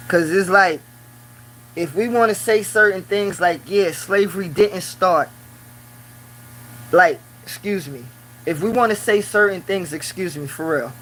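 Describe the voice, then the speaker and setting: A man's voice: high voice, unhurried, a little hiss or hum, rough recording. A man hosting a casual live stream from his small office at work, talking in loose phrases full of "you know". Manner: talks in loose run-on phrases, many "you know" fillers; grows loud and preaching when riled. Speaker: livestreamer.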